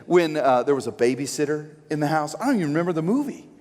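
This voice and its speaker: A man preaching a sermon as pastor, an animated, joking storyteller who acts out quotes. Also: a little high, fast talker. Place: church sanctuary. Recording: long church hall reverb.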